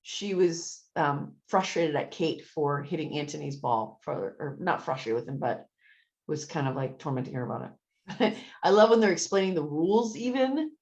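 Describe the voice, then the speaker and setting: A woman's voice: sits low, animated, moderate pace, a little mellow. A woman co-hosting a casual podcast chat, laughing often and acting out quoted lines. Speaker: podcast co-host.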